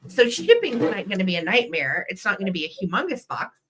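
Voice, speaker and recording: A woman's voice: mid-range voice, very animated, fairly quick, heavy background noise. A woman hosting a live online vintage sale, chatty and effusive as she shows each item and talks to her viewers. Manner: chatty and effusive, talking straight to the chat. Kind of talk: live online sales pitch.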